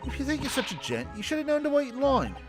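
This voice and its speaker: Play a man putting on a mouthy street-urchin girl, voice pushed way up high and swinging hard between notes, bold and defiant. Soft music plays underneath. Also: huge pitch swings, full character voice. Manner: brash, mouthy, quick to argue.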